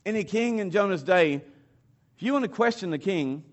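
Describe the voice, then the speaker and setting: Preacher with a higher voice. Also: male voice, expressive, muffled recording. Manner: conversational, halting, with restarts and fillers. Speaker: pastor. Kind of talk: sermon.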